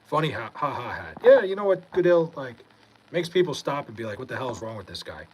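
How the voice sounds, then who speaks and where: A young man from Long Island, high and laid-back, reading comments aloud in a casual livestream and swearing freely. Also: big pitch swings, a little fast, slightly rough, low-quality recording. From Long Island, New York.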